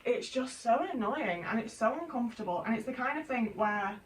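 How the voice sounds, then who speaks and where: A woman's voice: on the high side, expressive, fairly quick, far from the mic, slight background noise, poor audio. A woman in her twenties venting in casual chat while folding laundry at home, rambling, sweary and exasperated. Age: 20s. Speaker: vlogger.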